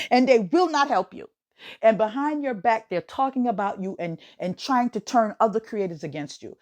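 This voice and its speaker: An American woman hosting a podcast, talking casually in an animated way, laughing often and swooping up high for emphasis. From United States. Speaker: podcast host. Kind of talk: casual monologue.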